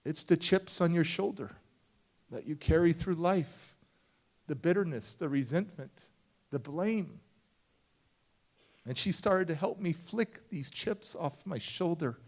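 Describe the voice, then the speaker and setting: A man speaking on stage at a youth summit, a motivational speaker telling his own story. His voice sits a little high for a man and swings widely between soft, quiet moments and near-shouted lines as he acts out each person. It sounds like a stage microphone in a large hall. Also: animated, slow pace, long pauses. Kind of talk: dramatic storytelling keynote.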